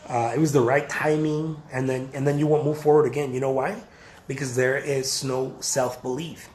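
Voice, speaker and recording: A man's voice: mid-range voice, little pitch movement, normal speed, a little mellow, roomy sound, a little hiss or hum. A man, an artist, giving career advice in a casual talk to camera at home, emphatic and repetitive, calling his viewers guys. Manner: emphatic, repeats points, addresses viewers as guys. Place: home, near a backyard.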